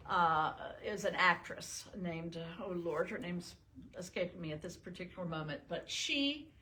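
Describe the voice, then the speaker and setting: A woman's voice: on the low side, a little slow, bright, forceful tone, rough recording. An older woman from the northern United States, giving a chatty, self-deprecating talk and answering audience questions with frequent laughs. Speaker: retired state supreme court justice, guest speaker.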